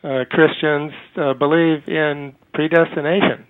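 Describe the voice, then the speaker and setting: A man calling in to a talk show, speaking haltingly with many hesitations and partly reading from notes. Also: on the high side, little pitch movement, smooth. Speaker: caller. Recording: tinny phone line.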